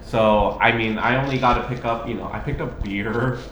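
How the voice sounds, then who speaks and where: A man's voice: mid-range voice, fairly even intonation, normal speed, fairly bright tone. A man co-hosting a home cooking and eating video, chatting casually and telling stories as he eats. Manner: chatty storyteller, acts out own inner thoughts. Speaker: cooking channel co-host. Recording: roomy echo, faint background noise.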